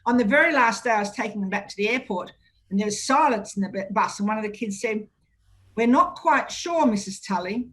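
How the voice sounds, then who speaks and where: A woman's voice: mid-range voice, fast talker. Chatty Australian woman radio host. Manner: chatty anecdotal storyteller, lively and frank. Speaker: radio talk show host. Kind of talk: casual radio interview.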